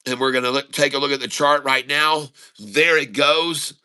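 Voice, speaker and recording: Guy hyped up calling out his stock trades live, super bright smooth voice. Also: mid-range voice, normal speed. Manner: excited running commentary addressing "folks". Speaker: day-trading streamer. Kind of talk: live trading commentary.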